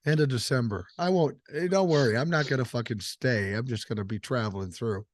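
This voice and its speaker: An older man hosts a podcast while nursing a cold, talking casually, bluntly and with profanity. His voice is medium-pitched and a little fast.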